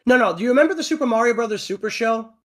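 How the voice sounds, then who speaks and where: Livestream host, man with a high voice, chatty and full of fillers. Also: lively intonation, racing, a bit bright. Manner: chatty, explains at length with many fillers. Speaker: voice actor and stream cast member. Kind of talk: casual livestream chat.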